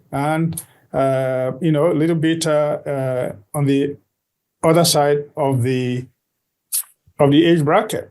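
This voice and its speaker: A man from Nigeria, a guest on an interview show, speaking in a measured, deliberate way and repeating key phrases for emphasis. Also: on the high side, a little mellow. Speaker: guest, diaspora organization board member. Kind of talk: interview answers.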